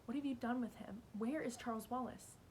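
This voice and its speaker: A woman's voice: a little high, fairly even intonation, fairly quick, darkish tone, a little hiss or hum, natural voice, rough recording. A woman reading aloud as a stubborn, frightened teenage girl who talks back defiantly. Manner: defiant, emphatic.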